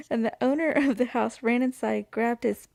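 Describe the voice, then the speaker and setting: Giggly woman with a gravelly voice. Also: fairly high pitch, no room sound, studio quality. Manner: laughs through her lines, frequent swearing. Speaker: podcast co-host telling a history story. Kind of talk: casual storytelling narration.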